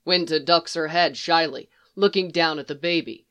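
A woman reading fan fiction aloud in a soft, even storytelling manner. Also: low voice, normal speed. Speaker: reader.

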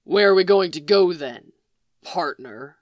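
Woman reader doing a surly male brawler: gruff, blunt, slow threats. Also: lowish voice, dry recording, highs cut off. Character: gruff surly grown man, captive brawler.

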